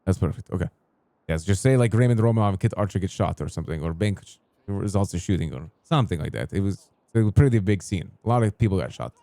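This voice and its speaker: Fast-talking man retelling a role-play standoff. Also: low voice, expressive, warm tone, no echo. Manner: rambling, acts out quoted exchanges. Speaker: role-play streamer recounting an in-character incident. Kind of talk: in-character role-play storytelling.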